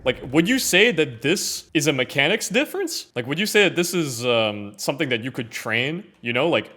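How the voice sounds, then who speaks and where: A young man giving casual, filler-heavy commentary over his own gameplay footage, often trailing off quietly. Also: medium pitch, lively intonation, moderate pace. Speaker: gaming content creator.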